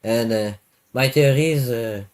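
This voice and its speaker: A man on a discussion panel lays out a theory slowly, stopping often with "uh" as he hunts for words. His voice sits at a middle pitch, unhurried and casual. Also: darkish tone. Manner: hesitant, many "uh" fillers. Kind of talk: casual political chat.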